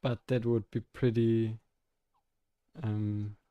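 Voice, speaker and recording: A young man streaming while coding, chatting casually with his viewers and thinking aloud in a halting way with frequent laughs. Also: fairly low pitch, little pitch movement, clean tone, dry recording, highs cut off.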